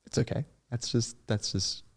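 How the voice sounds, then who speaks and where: A man's voice: medium pitch, normal speed, vocal fry. A young man speaking as a podcast guest, telling his story in an earnest, rambling way with many restarts. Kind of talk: podcast interview.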